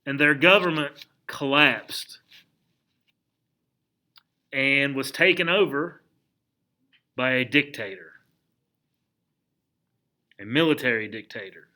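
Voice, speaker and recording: Brief: male history teacher, lively classroom lecture, questions to students, bright tone. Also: medium pitch. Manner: animated, conversational, asks the class questions; acts out historical figures in quick asides.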